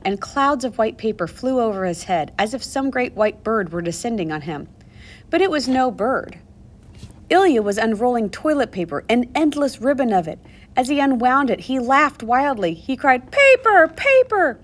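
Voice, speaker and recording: A woman narrating a novel aloud in the first person, expressive and moving between hushed and urgent tones. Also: fairly high pitch, normal speed. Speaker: audiobook narrator.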